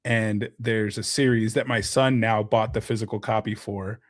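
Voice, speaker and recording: A man's voice: lowish voice, steady tone, normal speed, no echo, clean studio sound. A man, a podcast guest, talking in an earnest and heartfelt way in casual conversation. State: emotional, close to tears. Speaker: podcast guest, content creator.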